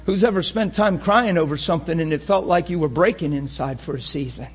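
Full of fervor, this male preacher often builds to a shout and plays out his audience's reactions. He speaks slightly high and a little fast, with a somewhat rough voice.

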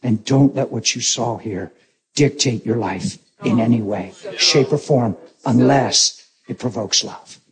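A man voicing God as a calm, fatherly male presence who speaks quietly and gently. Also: medium pitch, unhurried, a crowd in the background, voice pushed down, lightly acted. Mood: gentle firm.

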